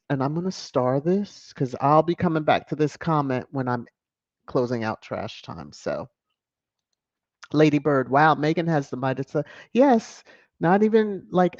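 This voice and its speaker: Here a mid-range voice comes through with no room sound, close-miked and dry in dull lo-fi audio. It belongs to a video-channel commentator who mocks and sasses while chuckling through headlines and viewer comments.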